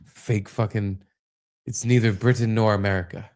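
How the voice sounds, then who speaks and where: A man's voice: lowish voice, moderate pace. A man co-hosting a podcast, chatting casually with dry, profane sarcasm. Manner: sardonic, profane, deadpan. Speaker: podcast co-host. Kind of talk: casual chat.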